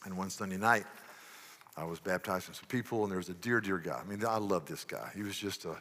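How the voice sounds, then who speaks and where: A man's voice: low voice, brisk, fairly bright tone. A man preaching a sermon as pastor, earnest, asking rhetorical questions and often restarting his sentences. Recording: long church reverb.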